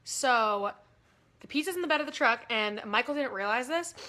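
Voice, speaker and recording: A woman's voice: fairly high pitch, animated, moderate pace, bright, forceful tone. A young woman hosting a casual livestream, chatty and giggly, rambling through stories. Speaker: livestream host.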